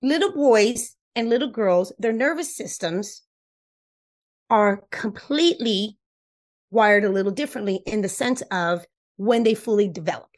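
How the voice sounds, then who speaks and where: A woman whose first language is Spanish, a relationship coach explaining ideas in an interview, lively and emphatic, repeating points and laughing often. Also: mid-range voice, unhurried. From Cuba. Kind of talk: animated explanatory interview talk.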